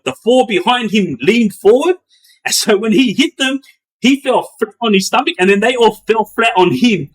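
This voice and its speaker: A middle-aged man, a former gang member, casually telling prison stories in an animated way, acting out sounds and quotes with lots of fillers. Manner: animated, acts out sounds and quotes with bursts of raised pitch; many fillers and restarts, loose slangy delivery. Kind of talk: casual storytelling.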